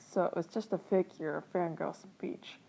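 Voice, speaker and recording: Low, gravelly young woman with sarcastic asides. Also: fairly even intonation, slow pace, mellow. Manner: sarcastic, wry asides, laughs at the text. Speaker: reader, channel host. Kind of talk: fan fiction reading with sarcastic commentary.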